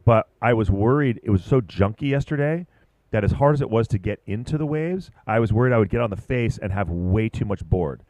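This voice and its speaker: A man commentating live at a surfing contest, chatty and excitable, rambling about boards and waves. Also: lowish voice, fairly quick, no echo.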